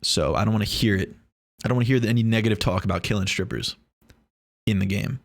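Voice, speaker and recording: Man, vlogger, low-pitched, rambling, jokey, swears freely, casual chat to camera. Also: fast, vocal fry. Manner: rambling, joking, profane, many restarts.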